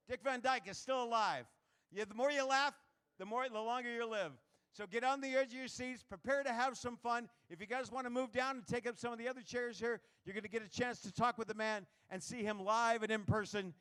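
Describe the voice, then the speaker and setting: Male emcee, very high pitch, smooth resonant voice, crowd-warming intro. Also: brisk. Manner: hyping the crowd, building to a loud welcome. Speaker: show host introducing the comedian. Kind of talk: live show introduction. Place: live comedy showroom.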